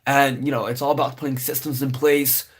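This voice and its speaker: Husky-voiced young man giving business tips. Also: mid-range voice, little pitch movement, brisk. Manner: rambling, lots of fillers, "right?" tags, restarts. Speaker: business vlogger. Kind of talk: casual advice talk to camera.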